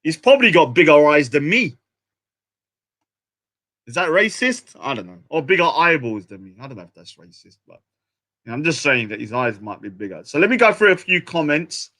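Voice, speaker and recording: A man's voice: fairly high pitch, sing-song, fairly quick, pushed and bright. A young man with a British accent, rambling and self-mocking as a livestream host in casual chat. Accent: British English.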